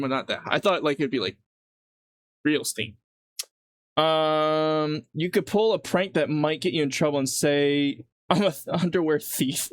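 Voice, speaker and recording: A man's voice: fairly high pitch, fairly bright tone, dry recording. A man livestreaming while he cooks at home, rambling casually and laughing at his own jokes. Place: home kitchen.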